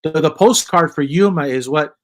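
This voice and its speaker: A man in his fifties hosting a casual livestream chat, rambling and joking in a loose, animated way. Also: on the high side, normal speed, low-quality recording. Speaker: host.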